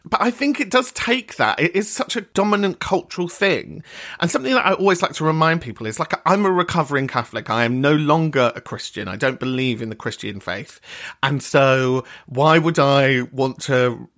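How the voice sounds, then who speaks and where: Lively bright-voiced sweary host. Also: male voice, a little high, normal speed. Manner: animated, sweary, camp and playful. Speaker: podcast host. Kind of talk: casual chat reading voice notes.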